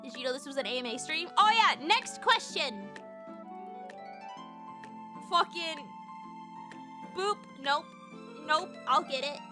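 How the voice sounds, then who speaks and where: A woman's voice: high-pitched, lively intonation, slow, long pauses, over music. A woman streamer in casual, bubbly, profane chat with her viewers.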